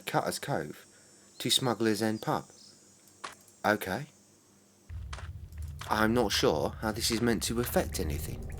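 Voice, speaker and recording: A man's voice: lowish voice, fairly bright tone, slight background noise. A man streaming a game, swearing and muttering exasperatedly at it. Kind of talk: casual game-stream commentary.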